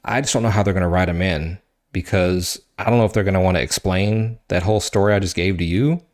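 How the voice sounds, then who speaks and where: Deep voiced guy on a podcast, chatty and animated, swears a lot while retelling comics. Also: fast. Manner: animated, swearing, acting out quoted characters. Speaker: podcast host. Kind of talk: casual chat, retelling a comic story.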